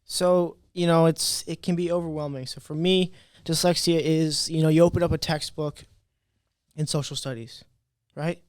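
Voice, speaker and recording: A young man in his twenties talks as a podcast guest, animated and quick to act out what others said. His voice sits a little high for a man. The sound is dry and close, with no room echo. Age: 20s. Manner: animated storyteller, acts out quotes. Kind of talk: casual interview talk.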